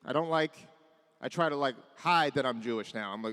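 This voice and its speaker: A man's voice: on the high side, sing-song, brisk, fairly bright tone, big-room sound. A man in his thirties doing a self-deprecating stand-up set on a club stage. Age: 30s. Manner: self-deprecating, acts out his parents' voices. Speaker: stand-up comedian. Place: comedy club stage with a live audience.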